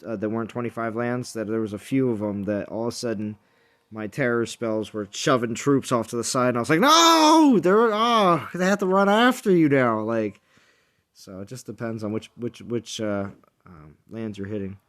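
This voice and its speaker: A man's voice: on the low side, steady tone, brisk. A man streaming a mobile game, chatting in a rambling, jokey way with friends and viewers. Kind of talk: casual live-stream chat.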